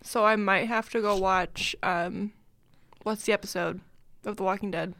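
A woman's voice: mid-range voice, fairly even intonation, moderate pace, gravelly, fairly bright tone, dry recording. A young woman co-hosting a podcast, talking casually in a laid-back, self-deprecating way. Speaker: podcast co-host. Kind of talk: casual chat.

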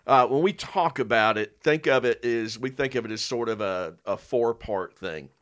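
A man's voice: mid-range voice, normal speed, a bit bright. A man co-hosting a podcast about marriage ministry, talking casually with hesitant fillers. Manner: folksy, reads a quote aloud with hesitant fillers.

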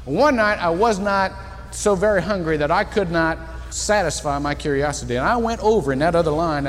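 High-voiced male pastor preaching. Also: long reverb tail, a little hiss or hum. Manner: storytelling, acts out the people in his story with animated shifts in pitch and volume. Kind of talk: sermon. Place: church sanctuary.

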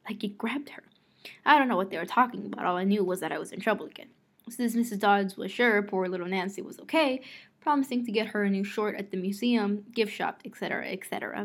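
A woman reads a novel aloud in an expressive first-person voice. Her pitch sits in a mid range, and now and then she rereads a line after stumbling. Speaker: audiobook reader.

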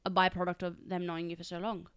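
A woman's voice: lowish voice, completely flat delivery, quick pace, clean tone. A young woman co-hosting a podcast, chatting casually and animatedly, laughing often. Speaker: podcast co-host. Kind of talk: casual chat.

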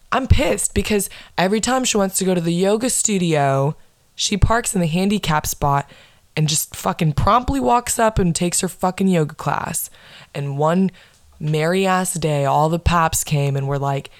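A woman's voice: fairly low pitch, expressive, normal speed, no room sound. A young woman in her twenties hosting a casual solo podcast, ranting bluntly with plenty of swearing and sarcasm. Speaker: podcast host.

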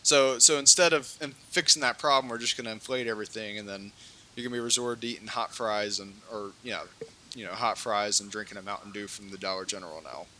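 A man's voice: fairly low pitch, fairly even intonation, fast, pushed and bright, a little hiss or hum. A man co-hosting a political podcast, ranting heatedly with many repeats and restarts. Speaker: podcast co-host.

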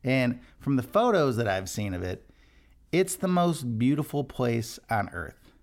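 A man's voice: medium pitch, sing-song, a little slow. A man who leads worship, hosting a devotional podcast in an earnest, conversational way, often restarting his sentences. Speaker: worship leader, podcast host.

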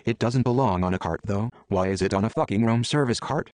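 A man's voice: fairly low pitch, a little fast, darkish tone, no echo, close to an everyday voice. A man voicing a sarcastic, teasing young man while reading a story aloud. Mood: blunt. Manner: sarcastic, dry.

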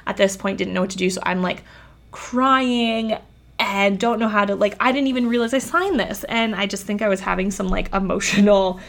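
A woman's voice: medium pitch, vocal fry, fairly bright tone. A woman vlogger telling a personal story in a chatty, casual way, with lots of "like". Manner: chatty, uses "like" a lot.

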